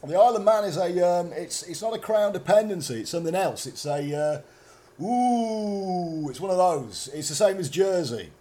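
Rambling British man with a lively voice. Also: high voice, moderate pace. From Britain. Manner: rambling, stumbling, mock-confident. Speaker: podcast co-host. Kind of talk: improvised comedy chat. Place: motorway service station.

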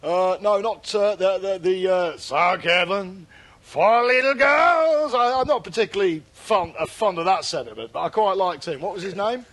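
Man, high-pitched, deadpan, comic chat co-host, mock French bits. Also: a little fast, few pauses. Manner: deadpan, puts on silly French accents. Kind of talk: comedic banter.

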